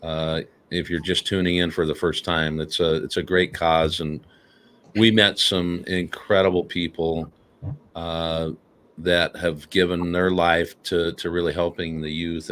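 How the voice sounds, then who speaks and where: Low-voiced man hosting a talk show. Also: a bit bright. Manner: halting, many fillers and restarts, earnest. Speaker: podcast host. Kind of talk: casual talk show chat.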